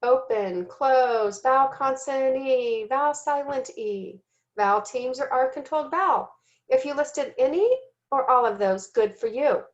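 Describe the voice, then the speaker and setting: A woman giving a recorded teaching lesson, speaking slowly and deliberately and sounding out letters and syllables, sometimes correcting herself. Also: high voice, lo-fi sound. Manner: self-corrects with "excuse me". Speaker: teacher trainer.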